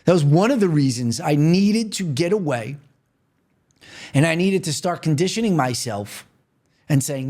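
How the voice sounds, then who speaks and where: A man's voice: on the high side, expressive, moderate pace, long pauses, darkish tone. A man from New York hosting a podcast, talking earnestly and repetitively straight to the listener in a motivational monologue. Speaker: podcast host.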